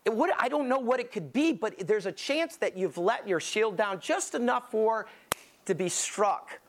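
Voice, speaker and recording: A man's voice: high-pitched, expressive, normal speed. A man preaching a sermon as lead pastor, emphatic and conversational, telling vivid stories to drive his point home.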